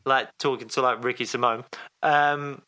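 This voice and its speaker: A man's voice: medium pitch, fairly even intonation, moderate pace, sharp tone. A man co-hosting a sports podcast in casual chat, rambling with fillers and restarts. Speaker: podcast co-host.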